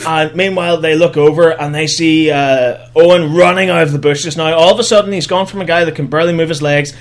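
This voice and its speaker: With a slightly high, steady voice and a fairly quick pace, the young podcast host runs through a film in a sarcastic, profane, comedic way. He imitates the characters using mock voices.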